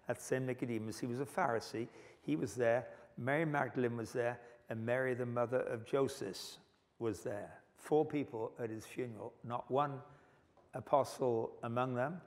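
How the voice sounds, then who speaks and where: A male preacher giving a sermon with animated, humorous storytelling. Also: medium pitch, moderate pace. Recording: long hall reverb.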